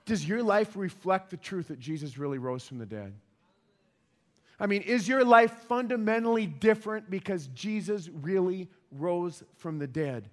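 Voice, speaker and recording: Pastor, male, higher-pitched, emphatic sermon delivery, questions the listeners. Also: animated, normal speed. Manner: emphatic, repeats key points, asks the audience questions.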